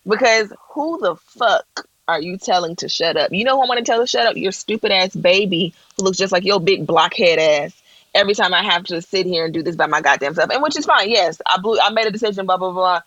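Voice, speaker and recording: A woman's voice: on the low side, a little fast, a bit bright, no echo, lo-fi sound. A woman co-hosting a casual chat, blunt and profane in her opinions. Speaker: podcast co-host.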